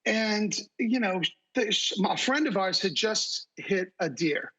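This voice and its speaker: A man's voice: high voice, measured pace, breathy edge, low-quality recording. A middle-aged man, a talk show guest, telling a story with animation and acting out what people said. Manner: animated, acts out quotes.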